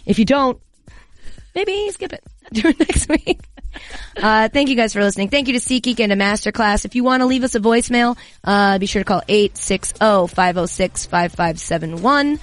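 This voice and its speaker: A woman's voice: fairly high pitch, lively intonation, moderate pace. Giggly woman hosting a podcast. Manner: giggly, self-mocking, rambling. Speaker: podcast host. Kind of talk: casual podcast chat.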